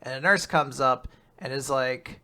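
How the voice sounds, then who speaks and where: A man co-hosting a casual podcast, retelling a manga chapter as an animated storyteller who laughs often and acts out the quotes. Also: medium pitch, unhurried. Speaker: podcast co-host.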